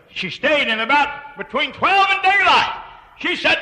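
An older man preaching a sermon, telling folksy stories and swinging from loud shouts to quiet murmurs. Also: very high-pitched, sing-song, normal speed, long reverb tail, rough recording.

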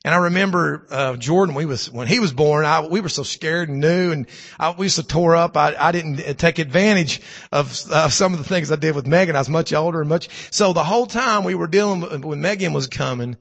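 A middle-aged male pastor delivers a sermon in a high, gravelly, hoarse voice. He swings from fervent preaching to hushed storytelling. The bright sound rings with a long hall reverb. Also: a little fast.

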